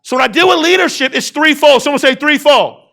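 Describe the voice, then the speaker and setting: Man, late thirties, motivational keynote speaker, very high voice, gravelly, call-and-response, emphatic repetition. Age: 30s. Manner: call-and-response with the audience, rising to shouts; emphatic repetition, slowing down for key words.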